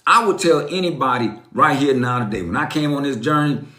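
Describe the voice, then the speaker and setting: A man's voice: mid-range voice, expressive, fairly quick, pushed and bright, roomy sound. A man in his fifties giving a motivational live-stream talk, preachy and emphatic, repeating lines and calling his viewers folks. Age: 50s.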